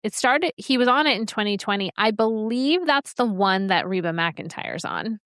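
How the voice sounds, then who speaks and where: A woman co-hosts a laid-back podcast, chatting and rambling through quick asides. Her voice sits at an ordinary middle pitch and is recorded close and dry, with no room sound around it. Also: expressive, fairly bright tone, dry recording. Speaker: podcast co-host. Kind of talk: casual chat.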